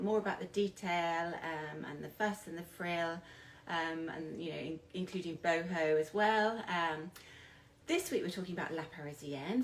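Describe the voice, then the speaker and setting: A woman presenting a style talk in a relaxed, casual way, pausing often with gentle ums. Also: on the low side, recorded from a distance, slight background noise, poor audio.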